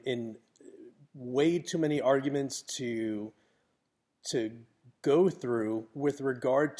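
A man's voice: medium pitch, a little mellow. Blunt, chatty man. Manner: blunt, chatty, swears a little. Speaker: wedding photographer. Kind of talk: casual advice monologue.

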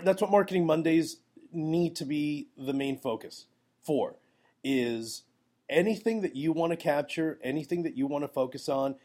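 A man's voice: mid-range voice, darkish tone. A man hosting a solo podcast, talking energetically and emphatically about his photography business in a conversational way, with a groggy voice. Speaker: podcast host, wedding photographer. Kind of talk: solo podcast advice talk.

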